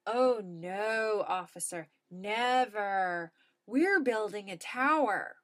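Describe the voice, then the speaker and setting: A woman voicing a smooth-talking male gnome who works in public relations, answering loudly and evasively. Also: medium pitch, expressive, takes it slowly. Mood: glib.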